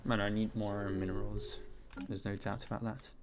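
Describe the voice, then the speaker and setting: A man streaming a strategy game, chatting casually with other players, laughing often and reacting loudly. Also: on the low side, level tone, normal speed, noisy background. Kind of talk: casual gaming chat.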